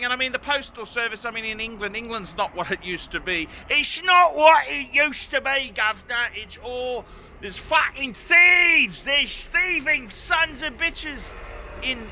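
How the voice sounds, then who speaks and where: An Australian man riffs to camera outdoors, swearing hard and repeating his points in a blunt, rambling rant. His voice sits high and cuts with a tense, bright edge. Faint traffic hums behind him. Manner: profane, repetitive, blunt ranting. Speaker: watch vlogger. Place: outdoors by a street with trams.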